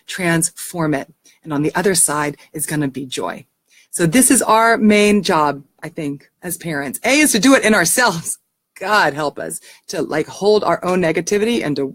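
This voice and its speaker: A woman talking casually and earnestly to camera about raising children, warm and heartfelt, often restarting her sentences. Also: fairly low pitch, no room sound. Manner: frequent restarts. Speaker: parenting teacher.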